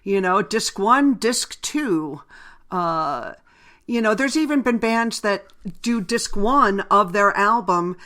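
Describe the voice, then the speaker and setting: A woman's voice: mid-range voice, animated, slow pace, fairly bright tone. A woman hosting a radio interview show, chatting casually with a guest, laughing often and using plenty of fillers. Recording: radio broadcast.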